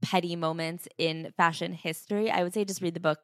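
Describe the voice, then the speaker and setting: A woman co-hosting a book podcast in casual chat, with wry quick asides. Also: on the low side, fairly even intonation, clean tone, dry recording, clean studio sound. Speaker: podcast co-host.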